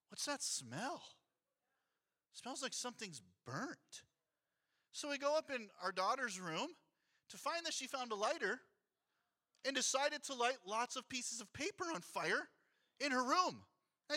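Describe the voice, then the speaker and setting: Preaching in a church sanctuary, a pastor in his thirties has a very bright, ringing voice pitched high for a man. He tells stories with animation, slipping into the voices of the people he quotes and acting out their lines.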